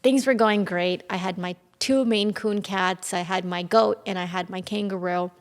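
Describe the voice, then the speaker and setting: A woman's voice: medium pitch, moderate pace. A young adult woman, a podcast guest telling a story casually and animatedly, full of fillers and quoted dialogue. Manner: animated, quotes people often, frequent fillers. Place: home in Texas. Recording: reverberant room.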